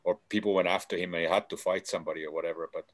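Low-voiced man in relaxed chat. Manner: halting, many fillers and restarts. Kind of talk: casual chat.

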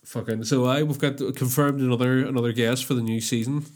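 A man's voice: mid-range voice, steady tone, a little fast. Sweary man chatting. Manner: swears constantly, rambling banter. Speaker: podcast co-host. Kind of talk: casual chat.

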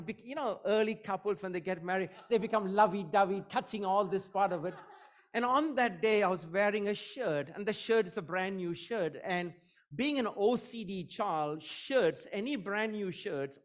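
Man, middle-aged, guest preacher, slightly high voice, fervent prayer, self-deprecating humor. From Eurasian, half Portuguese half Indian. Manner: fervent prayer, repeating "God" at each phrase end; joking, self-deprecating storytelling. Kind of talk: sermon with prayer and personal stories.

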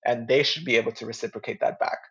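A man's voice: medium pitch, fairly even intonation, quick pace, a bit bright, husky, muffled recording. A man talking as a guest astrologer in a casual podcast chat, earnest and heartfelt, with easy slang.

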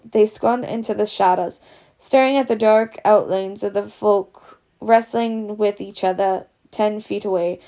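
A woman's voice: medium pitch, dark tone. A woman reading a storybook aloud in a casual, unpolished way. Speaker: reader.

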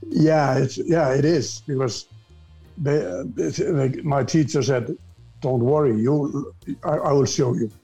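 An older man from Iceland with an Icelandic accent, a retired newcomer actor speaking English as a second language in a casual interview, halting and repeating words as he searches for them. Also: mid-range voice, warm tone, slightly rough, soft background music. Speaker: guest actor.

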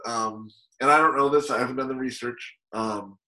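Man, middle pitch, podcast host, relaxed, casual chat. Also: normal speed, low-quality recording. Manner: relaxed, hesitant with fillers.

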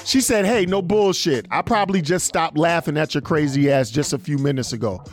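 A man hosting an internet radio show, reading listener messages aloud in a loose, slangy, animated way. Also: on the high side, fairly quick, soft background music. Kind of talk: casual radio show banter.

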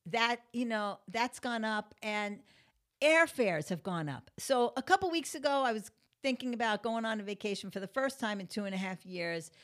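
A woman's voice: a little high, expressive, normal speed, a bit bright. A woman hosting her own talk show, chatting casually and ranting bluntly, swearing freely as her exasperation builds. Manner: conversational, chatty with fillers. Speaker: podcast host. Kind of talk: casual monologue rant.

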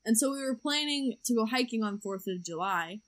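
A woman's voice: on the high side, expressive, brisk, a bit bright. A young woman telling a dating story in a casual podcast chat, chatty and laughing often. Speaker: podcast co-host.

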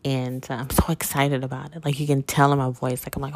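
A woman's voice: rumbling low, flat delivery, normal speed, few pauses, no echo. A woman hosting a spiritual podcast, talking about her life in a heartfelt, rambling way with lots of fillers and restarts. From southern United States. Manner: heartfelt, rambling, frequent fillers and self-corrections. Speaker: podcast host. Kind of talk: casual personal monologue.

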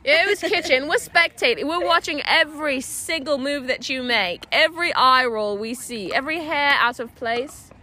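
A young woman giving fast, giggly play-by-play of a casual pickleball game outdoors. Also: high voice, sharp tone. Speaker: amateur game announcer. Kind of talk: playful play-by-play commentary.

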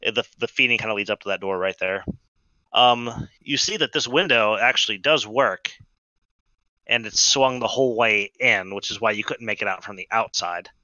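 Bright, dry-sounding male game master. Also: fairly low pitch, dry recording, dull audio. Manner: loose, halting narration with many restarts. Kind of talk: narrating a tabletop game.

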